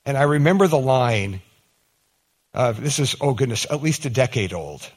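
A man preaching a sermon in a lively, conversational way, often repeating words and acting out quick mock exchanges. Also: medium pitch. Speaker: pastor.

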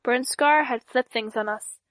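A woman narrates a first-person audiobook at a steady, even storytelling pace. Her voice sits a little high. The recording is close and dry, with no room echo. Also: measured pace.

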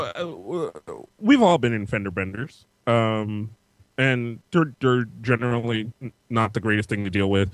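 A man's voice: medium pitch, no echo. A man hosting a casual podcast, loose and profane, often laughing as he talks.

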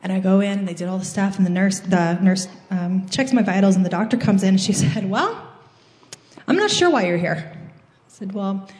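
Woman, mid pitch, mellow tone, earnest church testimony in an echoey hall. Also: moderate pace. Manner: earnest, storytelling, quoting her own prayers. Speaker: church member giving a testimony.

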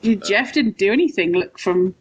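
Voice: mid-range voice, expressive, normal speed, muffled recording, a little hiss or hum. A podcast co-host, chatting casually, laughing often and riffing sarcastically. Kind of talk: casual comedic chat.

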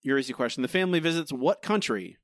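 A man's voice: medium pitch, sing-song, fast talker, no echo, clean studio sound. A man co-hosting a casual podcast chat and trivia quiz, self-deprecating and stumbling into restarts. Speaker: podcast co-host.

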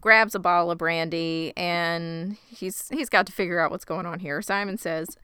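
A woman casually recapping a TV episode on a podcast, animated and joking as she acts out lines. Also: lowish voice, measured pace, hardly any pauses, clear, resonant tone, no room sound, clean studio sound. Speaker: podcast co-host recapping a TV show. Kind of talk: casual chat.

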